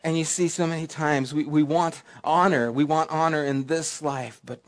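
A man preaching a sermon, dropping to a soft hush and then rising to emphatic, storytelling moments. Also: a little high, steady tone, moderate pace, few pauses. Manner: preacherly, swinging from hushed to emphatic. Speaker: pastor.

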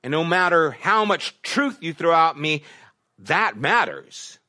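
A middle-aged pastor delivers a sermon in a slightly raised, light male voice. He tells stories easily, dropping into quiet asides and then climbing into emphatic, rising questions. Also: a little high, sing-song, takes it slowly. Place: church sanctuary.

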